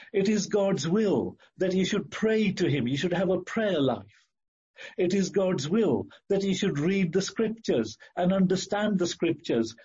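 A man preaching a sermon in an earnest, emphatic way, repeating key phrases and slowing down to stress words. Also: high-pitched, mellow, husky, muffled recording.

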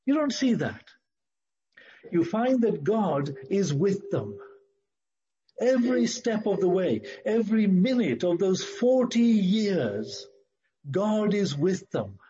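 A man preaching a sermon in an earnest, measured way, slowing down to stress key phrases. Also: high voice, very animated, dark tone, muffled recording, a little hiss or hum.

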